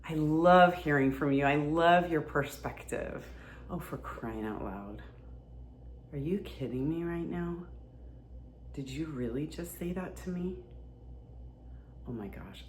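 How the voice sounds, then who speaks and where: A woman's voice: sits low, a little mellow, echoey room. A woman acting out an adult woman in an exaggerated demonstration of moods. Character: adult woman swinging from gushing joy to irritation.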